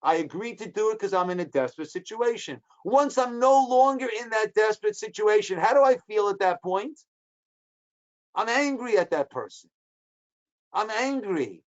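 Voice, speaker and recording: A man's voice: high voice, animated, dull audio. A man, a rabbi, teaching a Torah class, explaining the text line by line, asking questions and answering them, and acting out the speakers in short quoted bits. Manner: acts out the speakers with quick dramatic quotes.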